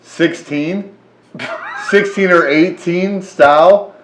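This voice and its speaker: A tipsy man co-hosting a podcast in casual chat, joking loudly, laughing and swearing a lot. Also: high-pitched, slow. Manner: loud, profane, joking, laughs often. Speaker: podcast co-host.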